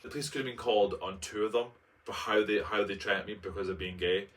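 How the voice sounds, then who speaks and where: A man's voice: on the low side, steady tone, quick pace, fairly bright tone, far from the mic. A man, reading his own personal essay aloud and breaking off for camp, playful asides. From Scotland. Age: late 20s. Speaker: vlogger.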